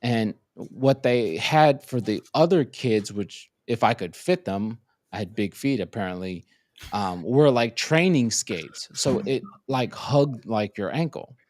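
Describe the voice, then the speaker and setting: A man's voice: medium pitch, a little slow, no room sound. A man in casual podcast chat, telling a story with lots of swearing and acted-out quotes. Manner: profane, animated storyteller acting out quotes. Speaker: podcast co-host.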